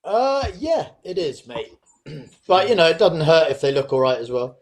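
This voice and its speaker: A man's voice: fairly high pitch, lively intonation, moderate pace. A man on a football podcast panel who talks in a laid-back, slangy way. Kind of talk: casual football chat.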